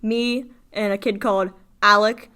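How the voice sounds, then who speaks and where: A woman's voice: medium pitch, steady tone, a little slow, pushed and bright, clean tone. A teenage girl hosting a school podcast, laid-back and upbeat, saying "like" a lot. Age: teens. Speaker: podcast host. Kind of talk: casual podcast chat.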